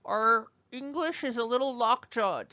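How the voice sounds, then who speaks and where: Slow, patient woman teaching a class. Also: mid-range voice, sharp tone, no room sound, lo-fi sound. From United States. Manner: slow, patient, modeling sounds. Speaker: French teacher. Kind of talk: classroom lesson.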